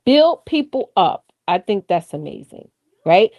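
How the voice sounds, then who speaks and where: A woman co-hosting a live stream, coaching viewers in a chatty, animated way, laughing often and talking straight to the chat. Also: mid-range voice, measured pace. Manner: drifts off track, repeats key points for emphasis. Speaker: live-stream co-host on branding and AI.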